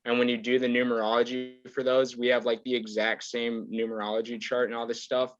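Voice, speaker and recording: A man's voice: medium pitch, level tone, a little fast, dull audio. A man in his twenties, a podcast guest, chatting casually in a laid-back, rambling way and laughing often. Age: 20s. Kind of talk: casual chat.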